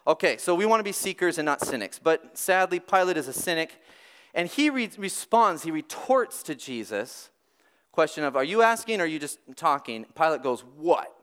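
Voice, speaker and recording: Lively conversational male preacher. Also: a little high, moderate pace, clear, resonant tone. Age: adult parent. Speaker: pastor. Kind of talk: sermon.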